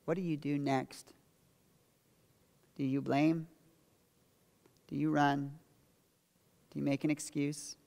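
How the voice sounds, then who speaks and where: A man preaching a sermon as pastor, telling a Bible story and moving between emphatic quotes and quiet confession. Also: fairly high pitch, little pitch movement, takes it slowly, vocal fry, pauses often. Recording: long reverb of a large hall.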